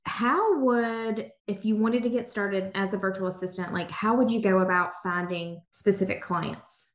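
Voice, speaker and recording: A woman's voice: mid-range voice, moderate pace. A woman hosting a podcast, talking in an empathetic, conversational way and framing long questions for her guest. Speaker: podcast host. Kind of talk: casual podcast interview. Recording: echoey room.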